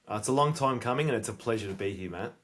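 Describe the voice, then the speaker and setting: A man with an Australian accent, a podcast guest telling his story in a reflective, relaxed way. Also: lowish voice, racing. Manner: reflective and relaxed, with light fillers. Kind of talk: conversational interview answers.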